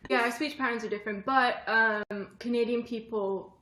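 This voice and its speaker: An English woman co-hosting a casual livestream, effusive and quick to laugh. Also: on the high side, fairly even intonation, pushed and bright. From England. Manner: giggly, effusive. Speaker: livestream co-host. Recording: echoey room with faint noise.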